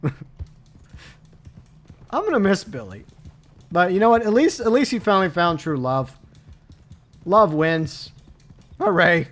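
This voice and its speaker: A high-pitched man talks over a live game stream. He jokes in a mock-sentimental tone and then bursts into loud, outraged exclamations. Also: expressive, moderate pace, pauses often. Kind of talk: live gameplay commentary.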